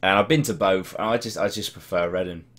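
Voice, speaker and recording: A young man from Norwich, England, speaking with a Norwich accent in a low, fairly quick and slightly bright voice, chats casually on a live stream. He reads out comments amid laddish, sweary banter.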